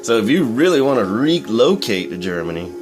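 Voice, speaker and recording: A man's voice: medium pitch, sing-song, brisk, music in the background. A young man talking in a casual, profane, rambling rant as a vlogger. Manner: profane, blunt, rambling with fillers. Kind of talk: casual ranting monologue.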